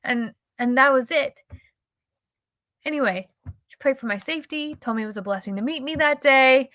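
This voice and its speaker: Chatty bright-voiced woman. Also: high-pitched, moderate pace, dry recording. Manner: chatty, emotional, quotes people in her stories. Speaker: YouTuber. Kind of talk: casual storytelling vlog.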